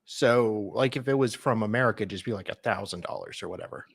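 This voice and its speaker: A man's voice: lowish voice, fast talker, gravelly, slightly rough. A man co-hosting a casual stream, easygoing and a bit distracted as he looks things up. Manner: easygoing, distracted while searching on screen. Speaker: stream co-host. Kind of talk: casual chat.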